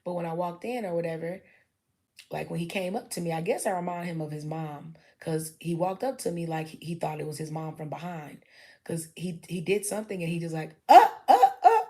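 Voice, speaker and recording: A woman's voice: fairly low pitch, fairly even intonation, fairly quick, mellow. A young adult woman, chatting candidly on a livestream, swearing freely and acting out quotes. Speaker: livestream host. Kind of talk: casual storytelling chat.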